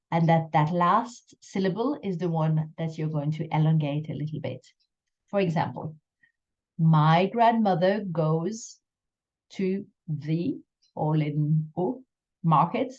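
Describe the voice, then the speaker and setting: Female language teacher, slow and deliberate delivery, lowish voice, dull lo-fi recording. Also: dark tone. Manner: slow, careful explanations with drawn-out French examples. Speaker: French teacher. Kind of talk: recorded pronunciation lesson.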